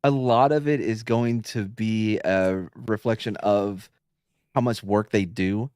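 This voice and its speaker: A man chatting on a casual podcast, telling stories about police work, sometimes dropping to a low, calm voice to show how he'd talk someone down. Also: unhurried, smooth, dry recording, studio quality. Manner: relaxed storytelling, drops tone to mimic calm talk, swears freely. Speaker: podcast co-host, former police officer.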